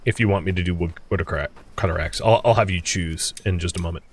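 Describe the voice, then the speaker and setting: A man with a low, slightly rough voice talks fairly quickly while hosting a let's play. He gives casual commentary on the game, thinking aloud in a chatty way, chuckling often and speaking directly to his viewers.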